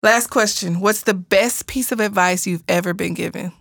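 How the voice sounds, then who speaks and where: A woman hosting a casual interview, playful and teasing, quick to laugh. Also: medium pitch, creaky, fairly bright tone, no echo, studio quality. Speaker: host.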